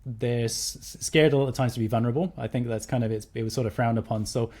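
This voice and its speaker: A man's voice: medium pitch, fairly even intonation, fast talker, a little mellow. A man hosting a podcast, talking casually and earnestly, rambling and restarting his sentences. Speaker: podcast host.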